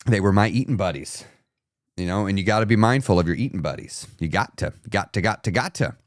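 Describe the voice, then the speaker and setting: A man's voice: low voice, fairly quick, no echo, studio quality. A man hosting a weight loss live stream, giving an emphatic, repetitive motivational talk and reading out viewer comments.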